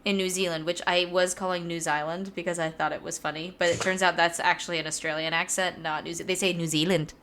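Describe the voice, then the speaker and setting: A woman's voice: lowish voice, level tone, fast talker, hardly any pauses, a bit bright, a little hiss or hum. A woman chatting casually on a livestream, telling stories and laughing often. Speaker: streamer co-host.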